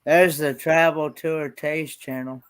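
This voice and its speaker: Halting, slow-talking man. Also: on the high side, fairly even intonation, fairly bright tone, clean tone. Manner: halting, repeats words and restarts often. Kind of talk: casual live-stream chat.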